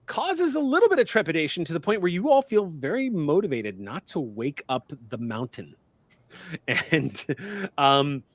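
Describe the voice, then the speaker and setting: A man's voice: on the high side, dry recording. A man narrating a tabletop game as game master, rambling a little with restarts.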